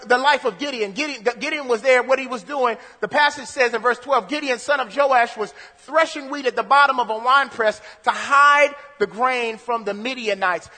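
A man with a very high, bright voice preaches a sermon. He reads scripture aloud and then expounds on it, often repeating phrases and restarting sentences. His voice carries a long hall reverb.

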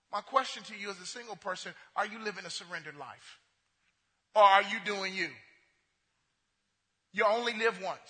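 Man preaching, very high voice, very bright tone, call-and-response questions, echoey church hall. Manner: slows and stresses key words. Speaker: pastor. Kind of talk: sermon.

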